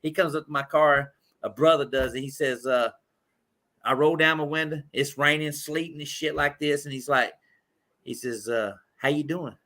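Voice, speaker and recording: A man's voice: fairly high pitch, moderate pace, bright, forceful tone. A man from Indianapolis hosting a podcast, telling rambling, profane sports stories in casual chat. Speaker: podcast host.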